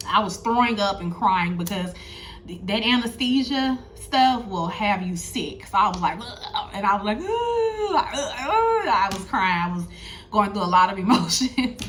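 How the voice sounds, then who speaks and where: A woman with a medium-pitched, slightly bright voice speaks at a moderate pace, with a little background noise. She's a spiritual content creator telling a personal story in a chatty vlog, speaking directly to her viewers and repeating herself as she circles back over her points.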